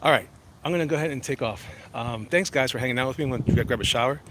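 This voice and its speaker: A man's voice: medium pitch, racing, noisy background. A man chatting casually on a walking livestream, reading out chat messages, rambling and joking with frequent restarts. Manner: rambling, self-interrupting, jokey. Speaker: vlogger reading live chat. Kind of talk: casual walk-and-talk livestream. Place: outdoors walking.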